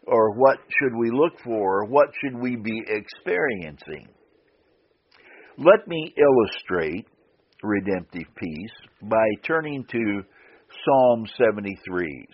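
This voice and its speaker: A man preaching a sermon on the radio, slow and deliberate, repeating key phrases for emphasis. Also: fairly low pitch, husky. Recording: dull lo-fi radio broadcast.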